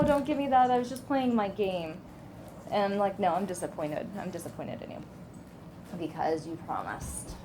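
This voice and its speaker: A woman's voice: on the low side, noisy background. A woman who is a mother, talking casually at home in a vlog, venting and acting out people in her stories. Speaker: vlogger and mother. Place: at home, indoors.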